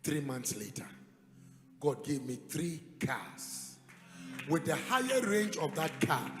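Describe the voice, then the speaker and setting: A man with a Ghanaian accent preaching a sermon, telling a story dramatically and building to loud, emphatic peaks. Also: fairly high pitch, very animated, measured pace. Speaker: pastor. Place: church hall. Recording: echoey hall with music behind.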